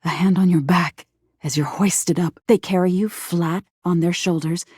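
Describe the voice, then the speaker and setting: A woman's voice: fairly low pitch, steady tone, moderate pace, darkish tone, husky, dry recording, clean studio sound. A woman voicing a menacing female nightmare spirit in a video game, narrating frightening scenes to the player in the second person. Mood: ominous.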